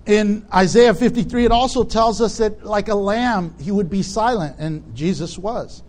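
High-voiced man preaching a sermon. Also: normal speed, a little mellow. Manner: conversational preaching with rhetorical questions. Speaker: pastor.

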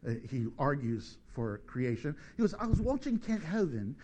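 Middle-aged male preacher, high and very lively pitch, playful sermon delivery. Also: moderate pace, highs cut off. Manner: animated, joking, acts out voices.

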